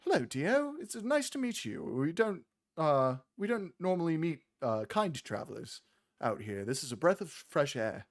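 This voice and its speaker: A man's voice: big pitch swings, normal speed. A man doing a bubbly little gnome mother. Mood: friendly. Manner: bubbly, high falsetto. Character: friendly chatty small gnome woman, mother.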